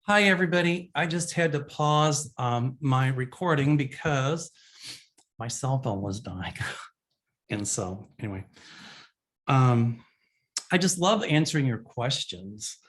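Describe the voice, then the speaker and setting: A man's voice: mid-range voice, expressive, takes it slowly, long pauses, fairly bright tone. A man hosting a psychic show, answering viewer questions in a rambling, casual monologue full of fillers.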